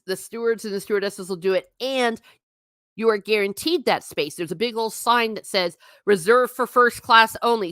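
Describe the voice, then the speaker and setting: A woman's voice: mid-range voice, a bit bright, no room sound. A woman hosting a casual live stream, chatting irreverently with her viewers, laughing often and swearing mildly. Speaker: vlogger reading live chat.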